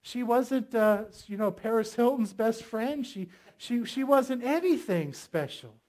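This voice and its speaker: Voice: mid-range voice, expressive, a little slow, a little mellow. A pastor preaching a sermon with emphatic delivery, asking the congregation rhetorical questions.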